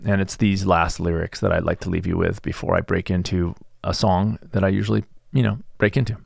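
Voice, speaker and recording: Man, middle-aged, lowish voice, dry close sound, halting, searching for words, grieving, solo podcast talk. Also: fairly even intonation, vocal fry, a little mellow, dry recording. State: grieving, subdued. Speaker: podcast host and stress management coach. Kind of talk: reflective solo podcast monologue.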